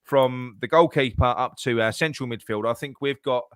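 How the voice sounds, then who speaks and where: A man's voice: mid-range voice, moderate pace, fairly bright tone, clean tone, no echo. Man, podcast co-host, heated fan chat, lots of swearing and restarts, dry mic. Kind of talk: casual football chat.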